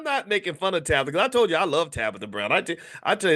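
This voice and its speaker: A man's voice: a little high, sing-song, quick pace, hardly any pauses, bright, forceful tone. A middle-aged man hosting his own channel, talking through a topic in a rambling, loose monologue with lots of fillers and restarts. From United States. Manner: mimics voices playfully when quoting others. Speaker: finance commentator and channel host. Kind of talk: casual commentary monologue.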